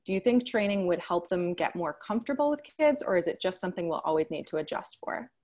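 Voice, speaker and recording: Low-voiced woman hosting a webinar. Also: fast talker. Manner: calm, reads viewer questions aloud. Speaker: webinar host reading questions. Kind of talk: moderating a webinar.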